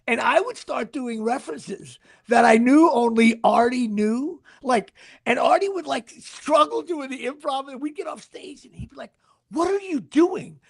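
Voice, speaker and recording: A man's voice: very high voice, normal speed, gravelly. A middle-aged man, an actor being interviewed, telling rambling stories with restarts and sports asides. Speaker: actor guest. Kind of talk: casual anecdotal storytelling.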